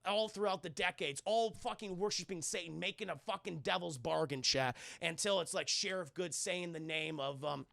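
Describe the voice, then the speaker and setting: A man's voice: high-pitched, normal speed, vocal fry, few pauses, bright, forceful tone, no room sound. A man streaming a casual film recap, rambling and profane, often talking straight to his chat.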